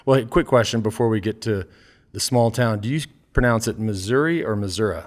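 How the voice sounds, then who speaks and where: A man's voice: medium pitch, fairly even intonation, brisk. A male podcast host in a bar lounge, chatty and rambling in casual interview conversation. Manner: rambling, chatty, many restarts and fillers.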